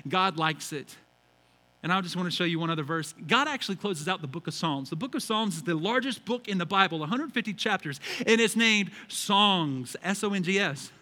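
A male pastor preaching a lively sermon, swinging from quiet reverence to loud shouts and playful acted-out quotes. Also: high voice. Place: large church hall. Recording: church hall reverb.

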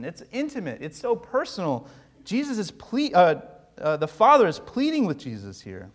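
A man preaching a sermon, his clear in every line. His voice sits a bit higher than most men's. He pleads earnestly and slips in dry humor. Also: wildly swooping pitch, moderate pace. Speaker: pastor.

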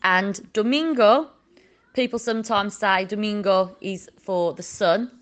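A woman teaching children a Spanish lesson, slowly drawing out each word for them to repeat. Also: medium pitch. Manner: slow, drawn-out modelling of words for repetition.

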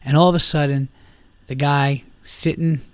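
A man's voice: fairly high pitch, steady tone, moderate pace, clean tone, no room sound. A man hosting a podcast and telling a bar story in a casual, rambling way, swearing often. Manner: profane, rambling, lots of fillers and restarts. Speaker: podcast host.

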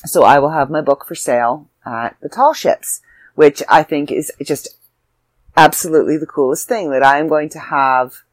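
A woman's voice: sits low, no room sound. A woman, hosting her own podcast as an author, chatty and self-deprecating, sounding tired. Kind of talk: casual solo podcast chat.

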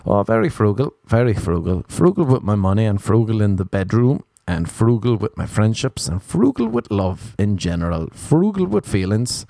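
A man's voice: fairly low pitch, big pitch swings, moderate pace, gravelly, few pauses, warm tone, no echo. A young Irish man doing a rambling, sarcastic, self-mocking comedic monologue. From Ireland.

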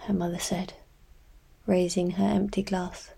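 A woman reading a novel aloud in measured, scripted narration. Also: medium pitch, flat delivery, gravelly, dark tone. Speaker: audiobook narrator.

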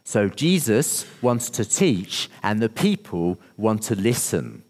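A man preaching a sermon as pastor, animated, asking the congregation rhetorical questions and acting out little scenes. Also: fairly low pitch, slow pace, long reverb tail.

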